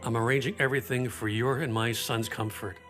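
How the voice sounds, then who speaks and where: An actor playing a devoted lover in a dubbed TV drama, soothing and reassuring. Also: male voice, medium pitch, steady tone, brisk, a bit bright, soft background music, close to an everyday voice. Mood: tender.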